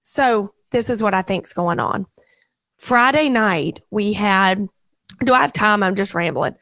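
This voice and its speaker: A woman's voice: mid-range voice, measured pace, no echo. A woman in her thirties, a radio co-host, telling a rambling home story on air and acting out the voices in it. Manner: animated, acts out quoted voices, rambling.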